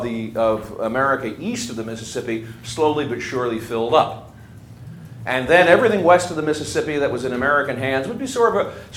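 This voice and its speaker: A man's voice: mid-range voice, fairly bright tone. A man giving a conversational history lecture to a class, asking his students questions as he goes. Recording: echoey room, faint ambient noise.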